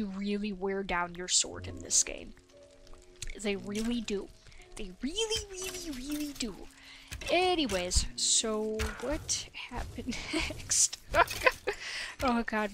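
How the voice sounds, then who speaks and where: Hyper, nonstop-talking young-sounding woman. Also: medium pitch. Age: 20s. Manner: hyper, chatty, talks nonstop. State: sniffly. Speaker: let's play host. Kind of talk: game commentary voice-over.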